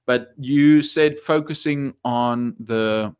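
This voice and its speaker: A man teaching English on a live stream chats loosely and reads viewer comments aloud, full of fillers and restarts. His mid-range voice is smooth and slow, on a dry recording.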